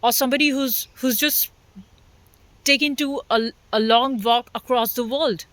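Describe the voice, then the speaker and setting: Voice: mid-range voice, steady tone, measured pace, a bit bright, dry recording. A spiritual vlogger speaking in an earnest, unscripted monologue that builds its points through repeated phrases.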